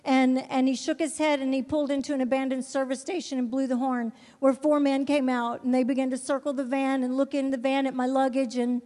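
A woman's voice: high-pitched, darkish tone. A woman giving a fervent missionary testimony as a sermon, repeating words and restarting her sentences. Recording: long reverb of a large hall.

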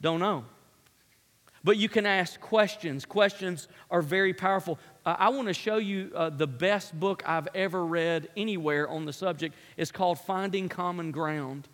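High-voiced preaching man in a reverberant hall. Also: normal speed, fairly bright tone. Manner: emphatic preaching, repeating key phrases. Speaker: pastor. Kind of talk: sermon.

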